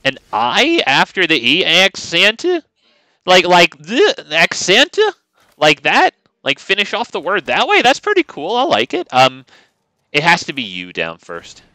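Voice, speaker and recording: Lively, bright-voiced male game streamer. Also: on the high side, normal speed, no room sound, poor audio. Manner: joking, sarcastic, rambling with chat. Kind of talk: casual gameplay commentary.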